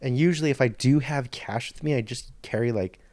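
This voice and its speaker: A podcast host delivers a casual storytelling monologue into a studio mic, rambling, swearing, and starting and stopping as he goes. His voice is medium-pitched with a darkish tone, brisk, and there's no room sound.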